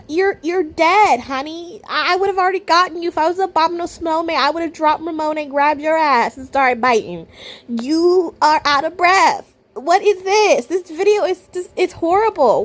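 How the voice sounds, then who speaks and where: A woman giving blunt, incredulous reaction commentary, swinging from low muttering to loud outbursts. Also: animated, moderate pace. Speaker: reaction video host.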